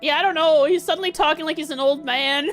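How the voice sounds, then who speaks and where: A woman's voice: high voice, steady tone, quick pace, fairly bright tone, soft background music. A woman streamer chatting casually while playing a game, joking and reading the game's text aloud.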